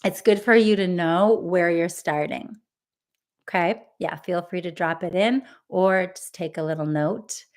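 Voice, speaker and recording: A woman leading a live EFT tapping session, speaking in a gentle, encouraging way and repeating affirmations for listeners to say along. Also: lowish voice, measured pace.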